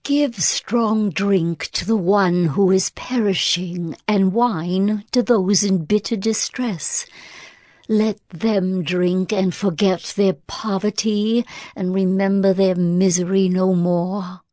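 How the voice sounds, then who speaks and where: Slow, dry-voiced woman reading scripture. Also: mid-range voice, fairly even intonation, a little mellow, no room sound. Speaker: scripture reader.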